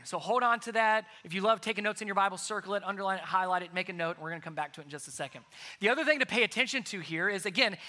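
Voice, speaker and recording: A man preaching a sermon, animated, moving between loud emphasis and hushed, quiet points. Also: high-pitched. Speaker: pastor.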